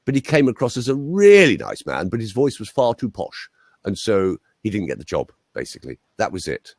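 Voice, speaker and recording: A man's voice: lowish voice, huge pitch swings, fairly quick, darkish tone, no room sound. A man, a voice coach telling chatty anecdotes as an interview guest. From England. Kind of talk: interview guest, conversational storytelling.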